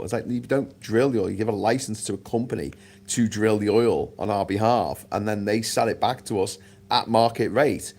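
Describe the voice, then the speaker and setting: A man hosting a livestream in a relaxed, rambling way, with frequent swearing and quick asides. His voice sits a little low, and he talks in loose, conversational stretches. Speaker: livestream host. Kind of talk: casual chat.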